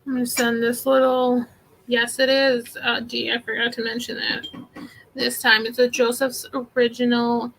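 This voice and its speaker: A woman's voice: fairly high pitch, completely flat delivery, normal speed, gravelly, fairly bright tone, low-quality recording. A woman chatting casually through a live thrift haul, rambling with many fillers. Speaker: vintage seller vlogger.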